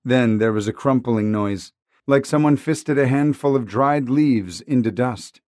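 A man's voice: medium pitch, a little slow, a little mellow, dry recording. Dry wry male audiobook narrator. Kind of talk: scripted narration.

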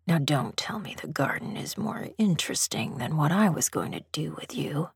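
A woman voicing a stern, teasing male master in a low, rough, commanding whisper, as whispered role-play. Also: sing-song, moderate pace, dry recording, clean studio sound, exaggerated voice.

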